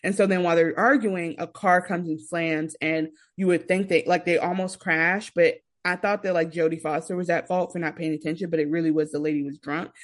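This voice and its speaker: A woman's voice: lowish voice, fairly even intonation, brisk, hardly any pauses. Chatty young woman recapping TV. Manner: rambling recap, acts out quotes. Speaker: podcast co-host. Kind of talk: casual chat.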